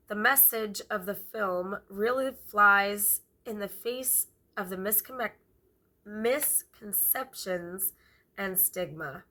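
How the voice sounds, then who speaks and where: A woman reads a book aloud in an amateur, unpolished way, taking it slowly. Her voice is bright with a gravelly edge. She stumbles over words and goes back to correct herself. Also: mid-range voice. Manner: halting reading with stumbles and self-corrections. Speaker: vlogger reading a memoir aloud.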